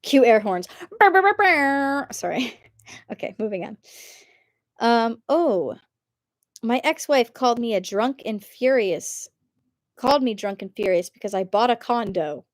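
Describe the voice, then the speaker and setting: A woman's voice: fairly high pitch, unhurried, pauses often, a little mellow, no room sound, clean studio sound. A woman live-streaming as she reads online posts aloud, chatty and giggly, often breaking off to comment. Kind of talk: casual live-stream reading.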